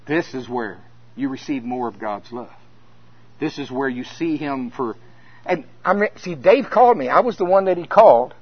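A man preaching at a conference as a minister, telling stories that swing between hushed and loud. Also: medium pitch, animated, moderate pace, husky, no echo. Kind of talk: conference sermon. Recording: dull lo-fi sound.

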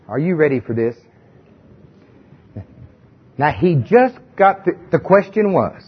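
A man's voice: on the high side, big pitch swings, takes it slowly, long pauses, husky. A male preacher giving a sermon in a conversational, emphatic way, often putting questions to his listeners. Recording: dull lo-fi recording.

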